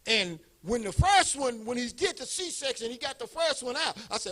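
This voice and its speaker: Very high, bright-voiced preaching man. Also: moderate pace. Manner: animated storytelling that builds to shouts. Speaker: pastor. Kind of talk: storytelling sermon.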